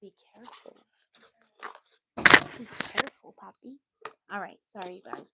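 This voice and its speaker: A woman's voice: medium pitch, lively intonation, measured pace, gravelly, very noisy. A woman giving a casual tarot reading on a livestream, chatty and easily sidetracked, with motherly asides. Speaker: tarot reader.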